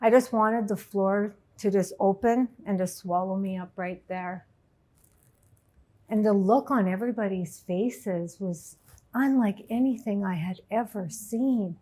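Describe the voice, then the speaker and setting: A middle-aged woman, a life coach, telling a personal story to an audience in an emotional, halting way. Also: medium pitch, mellow. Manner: emotional, halting, tearful at times.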